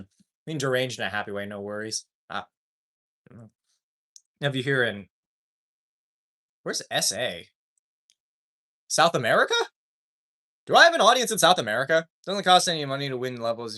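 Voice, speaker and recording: A male streamer talks through a casual live chat, reading viewer comments as they come in. His pitch moves up and down freely. He rambles, loses threads mid-sentence and swears without much thought. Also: a bit bright.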